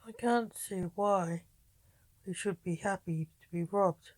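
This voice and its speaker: A woman's voice: medium pitch, slow, darkish tone. A woman voicing an irritable man who is guarding his money, in a storybook reading. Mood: irritated.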